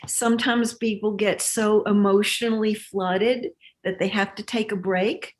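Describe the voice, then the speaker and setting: A woman guest in an interview, a relationship teacher speaking in a measured, reflective, earnest way. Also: mid-range voice, steady tone. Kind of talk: interview conversation.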